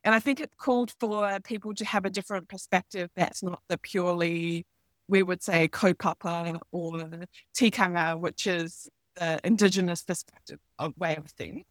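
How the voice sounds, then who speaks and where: A woman's voice: fairly low pitch, fairly even intonation, normal speed, no echo. A woman hosting an interview, asking her guest to share his story in a thoughtful, inviting way. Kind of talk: conversational interview questions.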